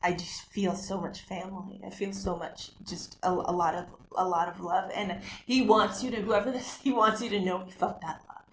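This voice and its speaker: A woman hosting a talk show, giving a live psychic medium reading in a halting, rambling way with many restarts. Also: mid-range voice, steady tone, slight background noise. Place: community TV studio. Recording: roomy, echoey room sound.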